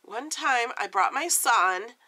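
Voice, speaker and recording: Woman in her forties, casual vlogger, lively sing-song delivery, gives advice. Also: a little high, takes it slowly. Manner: chatty, earnest, gives friendly advice. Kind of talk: casual chat to camera.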